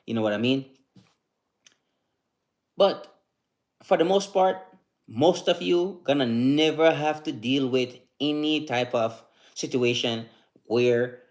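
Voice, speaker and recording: A man with a medium-pitched voice talks loosely to his live-stream audience about staying calm. His speech rambles and circles back, with stumbles and repeated words. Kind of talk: casual motivational talk.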